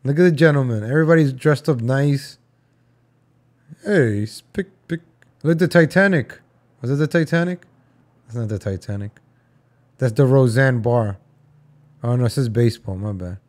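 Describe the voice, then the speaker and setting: A man's voice: medium pitch, normal speed, long pauses, a little mellow. A young man casually joking and rambling as he reacts to old film footage for his viewers. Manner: joking, rambling, talks to viewers as folks and guys.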